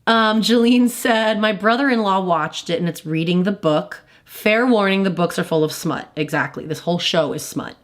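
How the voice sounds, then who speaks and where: A woman's voice: mid-range voice, normal speed, few pauses. A woman hosting a pop culture livestream in casual chat, talking in a gushing, effusive way.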